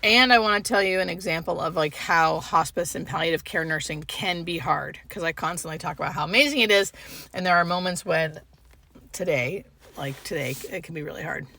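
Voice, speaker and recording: A young woman sits in her parked car, trying not to cry as she talks, her speech halting and full of restarts. Her voice is bright with a gravelly fry underneath. She talks straight to the camera as a hospice nurse. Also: lowish voice, dry recording. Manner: halting, emotional, restarts with fillers. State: tearful, holding back crying. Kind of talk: emotional vlog, talking to camera.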